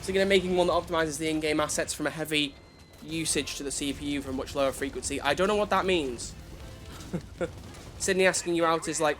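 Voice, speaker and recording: A man's voice: a little high, fairly quick, fairly bright tone. A man streaming a video game, chatting casually with his viewers and poking fun at himself. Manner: chatty, self-deprecating, talks to chat. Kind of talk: casual livestream chat. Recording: faint music behind.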